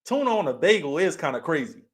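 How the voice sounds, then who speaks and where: A man's voice: a little high, very animated, fast, breathy edge. Male streamer from California, easygoing chat delivery, frequent laughs, reads comments aloud. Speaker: livestream host. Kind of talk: casual livestream chat.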